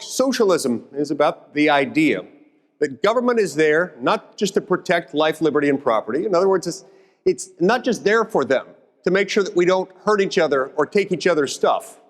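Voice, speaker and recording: A man speaking as a senator on a panel, making measured, declarative points. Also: on the high side. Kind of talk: panel discussion. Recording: long hall reverb.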